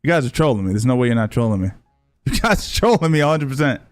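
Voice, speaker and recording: A man's voice: medium pitch, big pitch swings, rapid-fire, no room sound, faint music behind. Male streamer, loose and profane, banters with chat, dry close mic. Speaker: streamer reacting to clips. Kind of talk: casual livestream chat.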